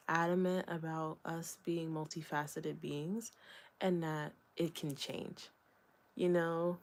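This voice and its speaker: A young woman talking through her thoughts in a candid solo vlog. Her voice sits a little low, and she rambles gently with lots of fillers and small laughs. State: hiccups. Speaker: vlogger. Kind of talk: reflective solo vlog talk.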